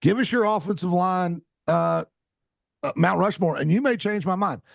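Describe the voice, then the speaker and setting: Bluntly teasing his way through casual football talk, a podcast co-host in his forties trails off and starts over now and then. His voice sits high with vocal fry, at a moderate pace. It's studio-quality audio without any room sound.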